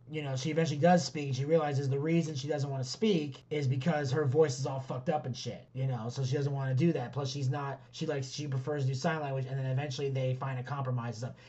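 A man talks loosely on a podcast, piling up "like" and curse words as he wanders through his thoughts. His voice sits in a middle pitch, and the sound is a little dull, as if from a lo-fi recording. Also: darkish tone. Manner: rambling, swears a lot, many filler likes. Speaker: podcast host. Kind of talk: casual chat.

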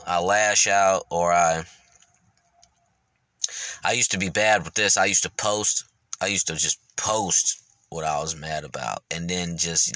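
A man's voice: sits low, bright, forceful tone, no room sound. A man hosting his podcast, speaking candidly and reflectively, rambling with lots of fillers and casual swearing. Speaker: podcast host.

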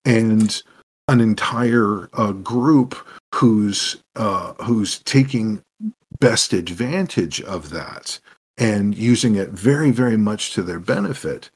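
A man, a game master and podcast guest, telling stories in a rambling, animated way full of restarts and asides. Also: on the low side, slow, husky.

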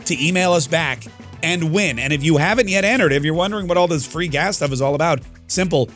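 A man's voice: a little high, fairly quick, fairly bright tone, soft background music. A man hosting a podcast, talking in a brash, rambling, mocking way about politics and a giveaway. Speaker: podcast host. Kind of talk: political talk and giveaway segment.

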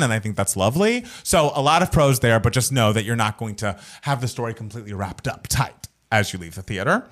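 A young adult man co-hosting a podcast, telling stories in a playful, animated way with campy asides. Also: medium pitch, brisk, hardly any pauses. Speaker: podcast co-host. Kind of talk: casual chat.

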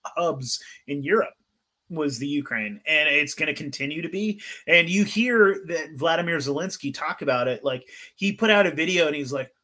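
A man's voice: fairly high pitch, moderate pace. A young man in casual podcast chat, swearing freely and laughing as he talks. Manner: profane, laughing, excitable. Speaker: podcast co-host or guest.

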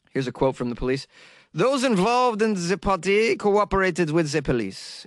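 A man's voice: medium pitch, no echo, clean studio sound. Sarcastic man hosting a comedy podcast. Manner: sarcastic, laughs at own jokes, animated outbursts. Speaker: podcast host. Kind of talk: comedic news commentary podcast.

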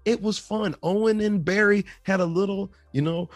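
A man's voice: sits high, moderate pace, no echo. A man hosting a podcast, giving a casual movie review, rambling and enthusiastic with lots of fillers. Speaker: podcast host.

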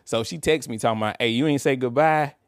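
A man's voice: mid-range voice, fast talker, smooth, no echo, clean studio sound. A man, co-hosting a podcast and telling a casual story, laughing and acting out what people said. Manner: animated, laughing, acts out quotes. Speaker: podcast co-host.

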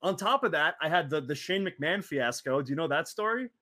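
A man in his twenties, an interview guest telling stories in a lively way, acting out quotes and laughing often. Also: fairly high pitch, a little fast. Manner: animated, acts out quoted voices, laughs often. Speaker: interview guest, former wrestler. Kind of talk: casual storytelling.

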